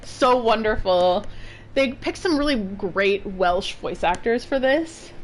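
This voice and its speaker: A woman's voice: medium pitch, lively intonation, slow pace, a little hiss or hum. A woman streamer giving casual, chatty commentary while she plays a game. She giggles often and yelps when she gets stressed.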